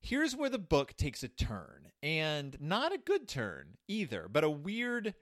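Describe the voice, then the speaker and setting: Dude ranting jokey about a kids book, stumbles and restarts a lot, voice all over the place. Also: male voice, a little high, takes it slowly, no room sound, clean studio sound. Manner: rambling, animated, with many restarts. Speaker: podcast host reviewing a children's book. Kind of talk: comedic commentary.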